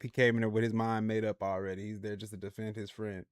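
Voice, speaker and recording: A man hosting a livestream, reacting to clips in casual, slangy, animated commentary. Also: lowish voice, quick pace, clear, resonant tone, no echo, clean studio sound.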